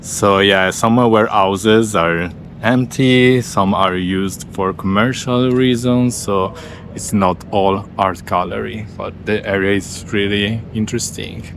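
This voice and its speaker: Man, travel vlog chat, low voice, unhurried, relaxed, music playing behind. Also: creaky, background noise. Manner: relaxed, chatty, laughs often. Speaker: travel vlogger. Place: outdoors on a city trip. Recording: music in the background.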